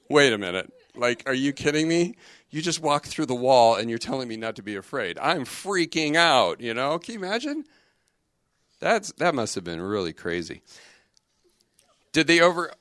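A middle-aged man, a religious brother, giving a lively youth talk in a conversational, joking way full of rhetorical questions. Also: medium pitch, no echo, clean studio sound.

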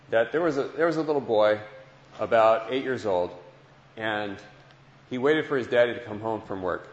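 A man's voice: fairly low pitch, a little hiss or hum. A man preaching a heartfelt Christian sermon and testimony, earnest, often repeating phrases, to listeners in a large hall. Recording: dull lo-fi sound with long hall echo.

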